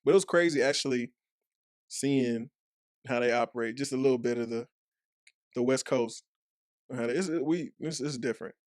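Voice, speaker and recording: A man's voice: mid-range voice, moderate pace, long pauses, darkish tone, no echo, studio quality. A young man from Dallas with a Texas accent, a former football player telling loose, profane stories as a guest on a podcast. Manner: loose, profane storytelling full of "like" and acted-out quotes. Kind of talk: casual chat.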